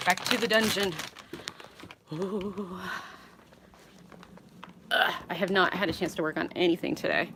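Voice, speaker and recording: A woman's voice: fairly low pitch, very noisy. A woman in her thirties from Canada, chatting casually while unpacking groceries at home, rambling and often apologizing with a self-deprecating edge. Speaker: vlogger. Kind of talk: casual live vlog chat. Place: home, moving between rooms.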